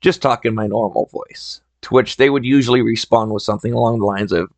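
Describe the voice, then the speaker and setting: A man with a drawl tells stories on his own podcast in a relaxed, chatty way. His voice sits at a middle pitch, and the recording is close and dry. He sounds conversational and easygoing. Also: brisk, hardly any pauses, dry recording. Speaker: podcast host. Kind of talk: solo storytelling podcast.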